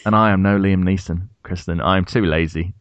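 Low-voiced joking man, dry close mic. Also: fairly even intonation, moderate pace, smooth, no room sound, lo-fi sound. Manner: dry, joking, laughs often. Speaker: podcast co-host. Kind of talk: casual banter.

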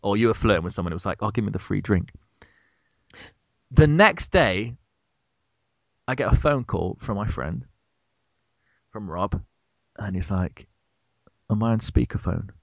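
A British man in his thirties with a low, gravelly voice, chatting casually on a podcast. He tells stories with lively acted-out quotes. The sound is dry and close. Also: normal speed, pauses often, no room sound, highs cut off. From Britain. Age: 30s. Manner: animated storyteller, acts out quotes with big pitch jumps. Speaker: podcast co-host. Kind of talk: casual storytelling chat.

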